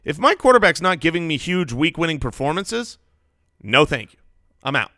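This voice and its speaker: A man co-hosting a fantasy football podcast, animated and playful, joking between stats. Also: on the high side, normal speed, dry recording, studio quality. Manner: animated, playful, jokes and sings snippets. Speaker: podcast co-host.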